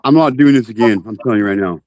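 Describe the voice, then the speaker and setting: A man's voice: mid-range voice, fast, darkish tone, no echo, muffled recording. A man, a guest on a stream, talking bluntly and cursing without care. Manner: blunt, profane. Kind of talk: casual chat.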